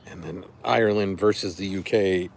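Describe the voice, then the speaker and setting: A man's voice: low-pitched, normal speed, vocal fry, a little hiss or hum. A middle-aged man from the Chicago area hosting a live stream, chatting casually and rambling a bit with his viewers. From Chicago area, USA. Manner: relaxed, chatty, rambling with fillers. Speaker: livestream host.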